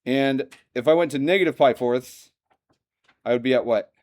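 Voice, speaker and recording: Lively male math teacher in class. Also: mid-range voice, normal speed. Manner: lively, asks students questions, self-joking. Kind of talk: classroom lecture.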